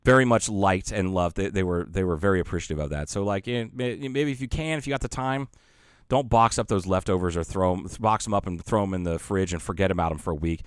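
A man's voice: deep voice, fast talker, clean tone, dry recording, studio quality. A man co-hosting a podcast, telling rambling, profane anecdotes in casual chat. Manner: rambling, profane, animated anecdotes with self-corrections. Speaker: podcast co-host.

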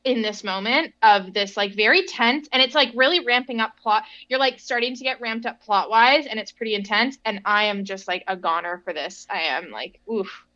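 A bright, forceful woman co-hosting a casual book chat, gushing and animated as she talks. Her voice comes through a somewhat dull, lo-fi mic. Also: on the high side, brisk, few pauses. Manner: gushing, animated, reads quotes aloud. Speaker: podcast co-host.

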